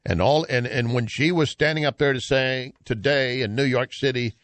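A man's voice: mid-range voice, lively intonation, fairly quick, few pauses, a bit bright, no room sound. A man hosting an opinion commentary show, speaking emphatically and reading passages from an article aloud. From United States.

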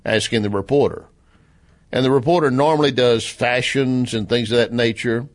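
A man from the American South with a Southern accent, hosting a talk radio monologue, sarcastic and animated as he retells and mimics what others said. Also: fairly low pitch. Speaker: radio commentary host.

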